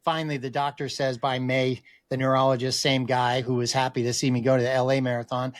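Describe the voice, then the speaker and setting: A middle-aged man, a podcast guest, telling a personal story in an animated way, acting out other people's voices and often restarting his sentences. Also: mid-range voice, fast talker, dry recording, studio quality. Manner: acts out quoted voices, frequent restarts.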